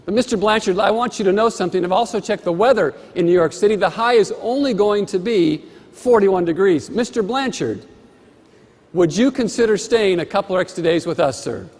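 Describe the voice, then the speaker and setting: A man's voice: high voice, lively intonation, brisk, darkish tone. A man voicing a cheerful, polite female hotel maid on a wake-up call, in a hall with long reverb. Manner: sunny, polite, attentive.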